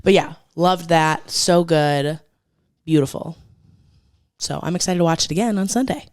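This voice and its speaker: A woman's voice: lowish voice, moderate pace, no echo, clean studio sound. A woman co-hosting a podcast, telling a story in a chatty, gossipy way and swearing freely as she talks. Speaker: podcast co-host. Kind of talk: casual chat.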